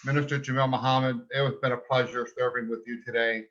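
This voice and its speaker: A man's voice: mid-range voice, flat delivery, fast, a bit bright, dull audio. A man on a video call giving a casual live update, moved and holding back emotion as he explains things. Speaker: panelist reporting the tally.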